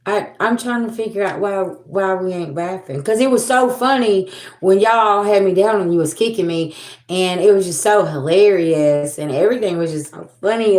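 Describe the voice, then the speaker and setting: A woman's voice: medium pitch, normal speed, a little mellow, reverberant. A woman giving a livestream spiritual reading, talking bluntly and profanely, repeating herself as she scolds. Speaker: tarot reader.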